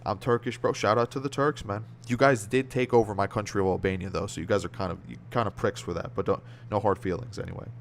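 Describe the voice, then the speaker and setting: A man's voice: on the low side, fairly even intonation, quick pace, vocal fry, few pauses, slight background noise. A young American man streaming and chatting casually with viewers. He talks in rambling, slang-heavy bursts, often trails off mid-word and laughs easily. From United States. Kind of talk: casual livestream chat reading viewer comments.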